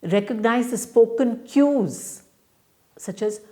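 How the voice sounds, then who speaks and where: A woman giving a recorded lecture to teachers, explaining step by step in a deliberate way with frequent fillers. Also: on the high side, mellow. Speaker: teacher educator.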